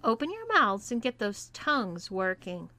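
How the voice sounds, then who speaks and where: A woman's voice: medium pitch, very animated, normal speed, pushed and bright, no echo. Woman reading as a bossy, taunting young woman. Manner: taunting, commanding.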